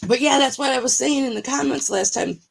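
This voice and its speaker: A woman's voice: sits high, fairly quick, vocal fry, breathy edge. A woman guest on a casual livestream chat, talkative and keen on boxing. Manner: talkative, enthusiastic about boxing.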